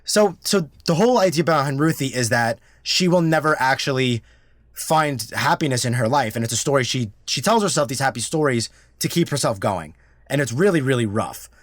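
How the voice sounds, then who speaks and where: A man co-hosting a casual review podcast, talking earnestly with halting restarts. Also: mid-range voice, expressive, no echo, clean studio sound. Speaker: podcast co-host.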